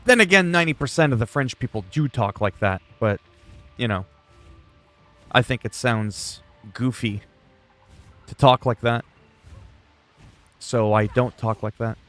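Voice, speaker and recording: A man from Canada talks through a livestream in a loose, chatty way. He rambles from one thought to the next and greets viewers by name. His voice sits at a middle pitch, with faint game music playing behind him. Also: unhurried, pauses often, fairly bright tone. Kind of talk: casual gameplay chat.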